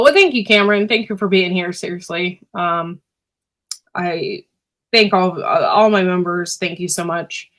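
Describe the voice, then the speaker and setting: Chatty woman clearing her throat. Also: on the low side, a bit bright. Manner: rambling, chatty, many fillers. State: keeps clearing her throat, irritated by pepper fumes. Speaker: livestream host and homesteader. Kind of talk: casual livestream chat. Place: indoors at home.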